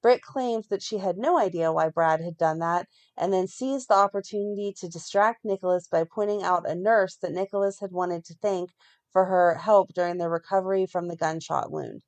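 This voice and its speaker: A woman co-hosting a fan podcast, reading a plot recap in a steady run and breaking off now and then to comment. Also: on the low side, moderate pace. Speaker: podcast co-host recapping a soap.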